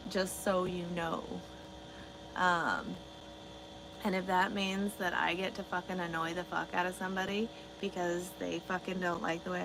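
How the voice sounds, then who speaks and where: A woman's voice: fairly low pitch, vocal fry, noisy background. A woman truck driver on a casual livestream, answering her chat bluntly and swearing freely. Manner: blunt, swears a lot, talks back to chat.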